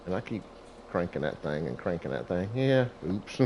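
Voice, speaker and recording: A man's voice: deep voice, big pitch swings, moderate pace, darkish tone, slight background noise. A middle-aged man who hosts a gaming channel, telling a rambling story about himself over gameplay, folksy and chuckling often.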